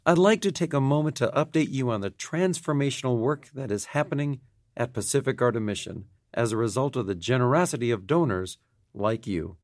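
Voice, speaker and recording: A man formally reads an update for donors in a measured, even tone. His voice sits at a middle pitch. The recording is dry and close. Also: dry recording. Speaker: mission president. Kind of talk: read donor appeal.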